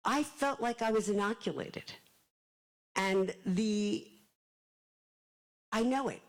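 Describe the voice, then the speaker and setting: A middle-aged woman, an author, telling animated, self-deprecating stories to a live audience and acting out the quotes. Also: medium pitch, takes it slowly, poor audio. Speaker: author speaking at a library event. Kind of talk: storytelling talk to a live audience.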